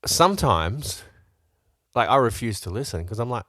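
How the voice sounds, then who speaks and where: A man in his thirties co-hosting a podcast, chatting casually in a rambling, animated way with plenty of fillers and restarts. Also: medium pitch, moderate pace, dry recording, clean studio sound. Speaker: podcast co-host. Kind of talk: casual chat.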